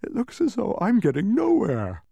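An earnest, bewildered young boy, voiced by a man reading a storybook, asks his questions in a raised, lively voice. A gravelly grain stays underneath, and the recording is close and dry. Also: sits high, normal speed, no room sound, lo-fi sound, voice pushed up, exaggerated voice. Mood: puzzled.

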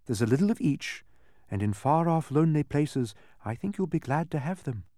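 A man voicing a kindly, fretful woman who keeps sounds, speaking gently and earnestly. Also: on the high side, animated, moderate pace, no room sound, studio quality, close to an everyday voice.

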